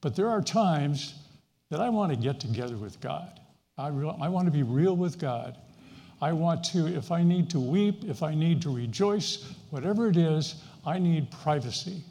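A man's voice: a little high, animated, moderate pace, dark tone, big-room sound. A middle-aged man preaching a sermon in an earnest, conversational way, with fillers and restarts. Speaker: pastor.

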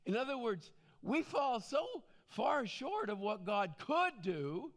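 A man's voice: extremely high pitch, big pitch swings, takes it slowly. A man teaching from the Bible in a conversational preaching style, with frequent asides.

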